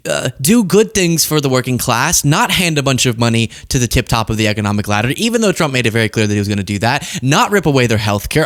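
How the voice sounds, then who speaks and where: A man's voice: on the high side, fairly bright tone. A young man hosting political commentary, talking casually with sarcastic, jokey asides.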